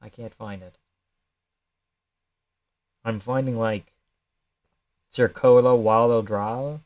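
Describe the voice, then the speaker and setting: A man's voice: mid-range voice, fairly even intonation, slow, a little mellow. A young man on a casual live stream, chatting loosely and swearing while he reacts to fights and answers his chat.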